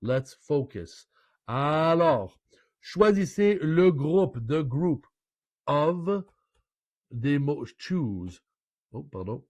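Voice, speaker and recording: Canadian guy teaching french online, slow and chatty, mixes in french words, dry close sound. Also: fairly high pitch, very animated, a little mellow, no room sound. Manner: chatty, playful, mixes French phrases into English explanations. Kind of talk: online language lesson.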